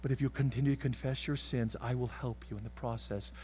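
A man voicing God in a soft, hushed, tender whisper during a sermon. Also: medium pitch, fairly even intonation, quick pace, a little hiss or hum, lightly acted. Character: God as a tender, delighted male voice.

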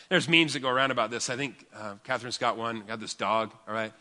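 A man's voice: medium pitch, fast talker, hardly any pauses, pushed and bright, long reverb tail. A man preaching a sermon as pastor, talking in a conversational, joking way and often restarting his sentences.

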